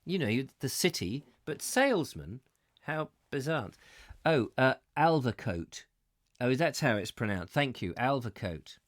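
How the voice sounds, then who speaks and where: A man's voice: mid-range voice, big pitch swings, normal speed, no echo. Man reading aloud, dry and close. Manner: conversational, self-correcting, amused asides. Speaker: host reading a book aloud. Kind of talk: live audiobook reading with chatty asides.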